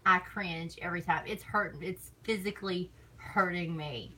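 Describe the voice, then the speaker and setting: A woman's voice: fairly low pitch, moderate pace, pushed and bright, husky, low-quality recording. A woman streamer chatting casually on stream, rambling and teasing, laughing often between thoughts. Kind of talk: casual chat.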